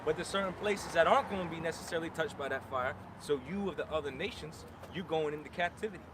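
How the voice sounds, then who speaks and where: A man's voice: fairly high pitch, quick pace, noisy background. A man preaching emphatic warnings outdoors at a street camp. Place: outdoors on a city street with traffic.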